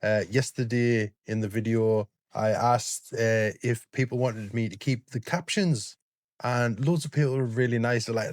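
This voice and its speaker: A British man hosting a reaction channel, speaking to camera in a gentle, sincere way with plenty of fillers and restarts. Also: mid-range voice, a little slow, no room sound, studio quality. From Britain. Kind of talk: casual talk to camera.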